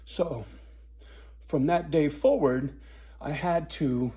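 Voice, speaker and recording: Husky, blunt, profane man. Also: fairly high pitch, slow, long pauses, dark tone. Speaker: vlogger. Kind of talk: raw personal storytelling to camera.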